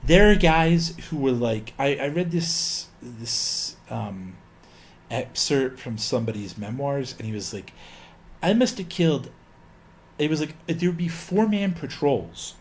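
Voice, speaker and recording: A man talks through a history lecture in an easy, rambling way. He leans on ums and uhs and drops in opinionated asides. His voice sits at an ordinary middle pitch. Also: very animated, a little slow, a little hiss or hum.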